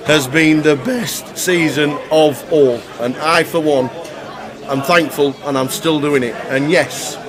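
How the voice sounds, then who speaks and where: A man hosting a poker live stream, rambling jovially through thank-yous and repeating himself. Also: fairly high pitch. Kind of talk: live stream presenting and thank-you speech. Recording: loud crowd around the mic. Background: crowd noise.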